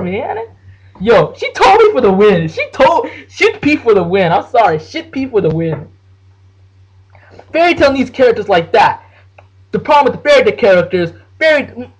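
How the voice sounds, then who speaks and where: A man ranting casually about anime fights, excitable and profane, full of slang and restarts. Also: high voice, husky, low-quality recording. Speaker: anime reviewer. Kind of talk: casual anime rant to the camera.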